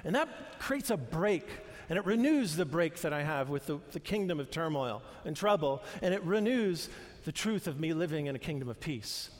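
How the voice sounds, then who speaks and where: Preaching in a large hall with long reverb, an older male pastor speaks earnestly and conversationally, often restarting phrases. His voice is a little high and sing-song, at a moderate pace with few pauses.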